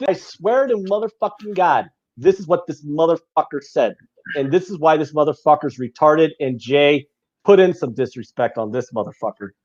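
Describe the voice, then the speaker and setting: A man co-hosting a casual podcast, ranting with heated profanity and shouting. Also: on the high side, moderate pace. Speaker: podcast co-host. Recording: muffled lo-fi audio.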